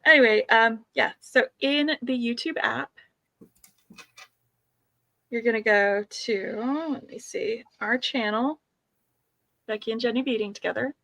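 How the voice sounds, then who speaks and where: A chatty woman with a gravelly, fry-tinged voice, talking casually on a crafting livestream. Her pitch sits a little high. The sound is dry and close, with little room echo. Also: unhurried, pauses often, sharp tone. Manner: chatty, laughs often, teasing. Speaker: co-host of a beading livestream.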